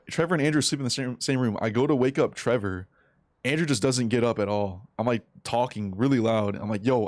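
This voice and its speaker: A man's voice: mid-range voice, darkish tone, dry recording. A young man chatting casually on a live game stream, telling a rambling story full of slang and swearing. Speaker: streamer and competitive gamer.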